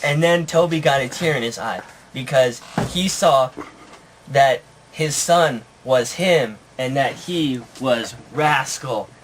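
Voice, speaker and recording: A man's voice: mid-range voice, slow pace, a little hiss or hum. Laughing man improvising a story. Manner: laughs while narrating. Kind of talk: improvised puppet story narration.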